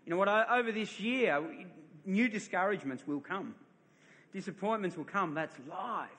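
A man's voice: sits high, expressive, moderate pace, a bit bright. A man, middle-aged, preaching a sermon as a pastor, telling a story with many repeated words and laughing at himself. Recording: long reverb of a large hall.

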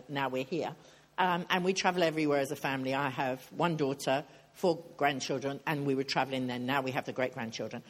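Older female preacher, conversational and humorous, draws the audience in. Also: low-pitched. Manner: chatty, joking, questions the audience. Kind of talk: sermon.

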